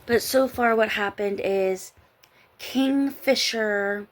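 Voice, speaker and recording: A woman's voice: mid-range voice, a little slow. A tired woman chatting casually late at night, rambling and giggling as she reviews a book. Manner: rambling, giggly, trails off and restarts. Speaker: book vlogger.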